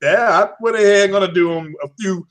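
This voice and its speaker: A man with a somewhat high voice hosts an online show. He chats in a loose, easygoing way, sometimes speeding up as he explains things. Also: quick pace, fairly bright tone. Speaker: show host. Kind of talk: casual chat.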